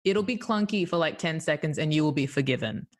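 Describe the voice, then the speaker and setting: A woman, a guest improv teacher, chatting in an animated way with lots of fillers. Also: sits low, a little fast. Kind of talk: casual chat.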